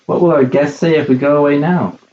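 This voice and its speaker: A man voicing a sharp-tongued young woman in a storybook reading, indignant and scolding. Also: a little high, a little fast, echoey room, lo-fi sound, slight background noise, voice pushed up, natural voice. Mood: pleading.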